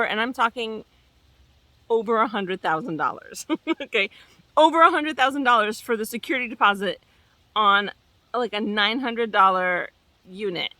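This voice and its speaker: Woman, property manager, casual storytelling, chatty and animated, bright voice, dry sound. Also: on the high side, dry recording. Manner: chatty, animated, with fillers and restarts.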